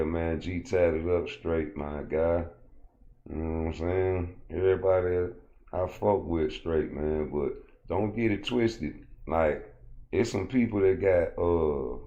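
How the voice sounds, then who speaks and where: A man's voice: low voice, warm tone, lo-fi sound. A man hosting a casual livestream, rambling and cursing as he answers chat comments. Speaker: livestream host.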